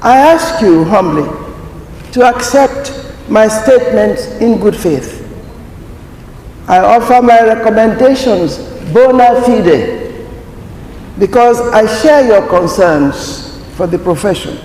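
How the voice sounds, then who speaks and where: A man giving a formal prepared speech at a conference, slow and deliberate, stressing key words. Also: high voice, animated, a little mellow, a little hiss or hum. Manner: slow, deliberate, emphatic delivery. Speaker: conference speaker. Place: large conference hall. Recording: echoey hall, faint ambience.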